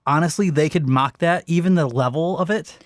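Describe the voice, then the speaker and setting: Giggly man, slightly high voice. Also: a little fast, dry recording, clean studio sound. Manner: laughs often, animated storytelling. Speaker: podcast co-host. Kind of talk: casual chat, reading news aloud.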